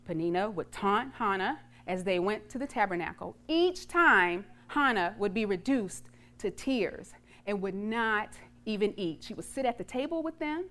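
A woman preacher retelling a Bible story in a sermon, dramatic and lively with touches of humor. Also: mid-range voice, normal speed.

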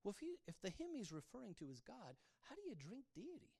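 Animated male preacher telling his testimony. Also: high voice, fast, gravelly, husky. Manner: animated storytelling, swinging from hushed to loud. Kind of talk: sermon testimony.

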